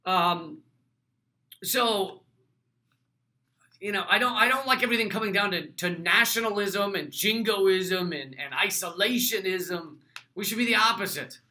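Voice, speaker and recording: A man answering viewer mail in a loose, sarcastic commentary. His voice sits high and comes out bright and cutting. He trips over restarts and throws in dry asides. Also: measured pace, long pauses. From United States. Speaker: host.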